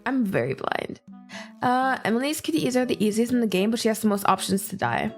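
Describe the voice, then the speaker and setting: A young woman streaming and chatting casually, swearing freely and laughing often, deliberately pushing her recovering voice lower. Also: soft background music. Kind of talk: casual chat.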